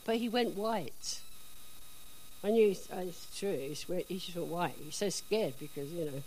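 A woman telling a personal faith testimony in a chatty, animated storytelling way. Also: lowish voice, moderate pace, a little hiss or hum, low-quality recording. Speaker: speaker giving a testimony.

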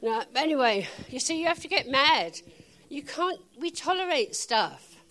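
A woman's voice: high voice, sing-song, normal speed, fairly bright tone. An older woman preaching a sermon, telling funny personal stories, laughing often and acting out conversations.

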